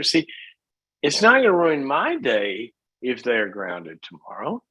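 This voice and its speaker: Middle-aged man, advice show host, husky voice, lively swooping pitch, folksy and animated. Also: slow pace, no echo, muffled recording. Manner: animated, folksy, acts out little scenes. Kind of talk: casual advice talk.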